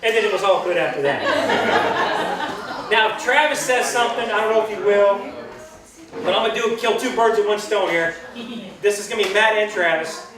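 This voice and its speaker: A man's voice: sits high, a little fast, long pauses. Rambling man telling roast stories. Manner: rambling, laughing through his own stories. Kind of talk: storytelling to a party crowd. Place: large hall at a birthday party. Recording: echoey hall, distant mic, crowd noise.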